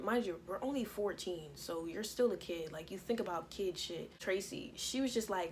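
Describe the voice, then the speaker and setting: Young woman vlogger, casual profane storyteller, animated delivery. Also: lowish voice, moderate pace, hardly any pauses, slight background noise. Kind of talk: storytime vlog.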